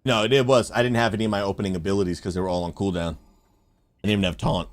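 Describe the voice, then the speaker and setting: Lower-voiced man laughing through a game. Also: fast, no echo. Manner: excitable, laughs often, calls out plays. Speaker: gaming streamer and pastor. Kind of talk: casual gaming chat with friends.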